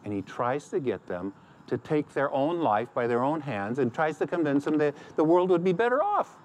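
A man's voice: a little high, very animated, normal speed. A middle-aged man preaching a sermon as pastor, acting out quoted complaints in a raised voice.

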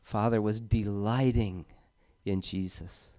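A man gives a relaxed, conversational sermon in a mellow, warm voice. He speaks haltingly, with fillers and repeated words, and leans earnestly on key words. The sound is dry and close, with little room around it. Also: on the low side, no room sound. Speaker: preacher.

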